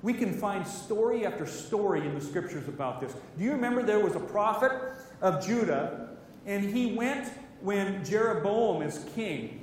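A man preaching a sermon, telling Bible stories in a lively way and acting out the characters' lines. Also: high voice, moderate pace, a little hiss or hum. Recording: echoey hall, voice from far off.

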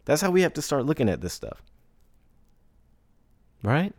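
A man's voice: on the high side, sing-song, moderate pace, pauses often, darkish tone, no room sound, studio quality. A man hosting a podcast who talks casually, often asking "right?" and laughing as he goes. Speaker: podcast host. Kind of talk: casual solo podcast talk.

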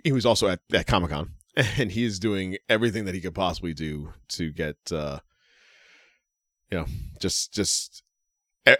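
Low-voiced laughing podcast co-host. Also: male voice, a bit bright, dry recording, studio quality. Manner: laughs often, halting with fillers. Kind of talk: casual chat.

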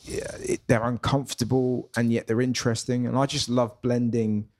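A man's voice: mid-range voice, steady tone, moderate pace, a little mellow. A man who is a comedian guest, chatting in a pub in a reflective, hesitant way with trailing phrases. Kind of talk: casual chat.

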